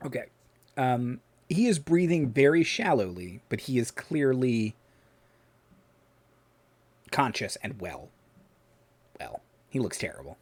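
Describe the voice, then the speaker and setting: A man narrating a tabletop game as game master, relaxed and laughing, often trailing off with fillers. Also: mid-range voice, slow, long pauses, breathy edge, no echo.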